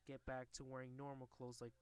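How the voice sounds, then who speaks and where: A man's voice: medium pitch, a little fast, clear, resonant tone, lightly acted. A man reading a grumpy scornful older official. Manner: flat read-out dialogue, barely acted. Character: gruff grumpy older male mayor.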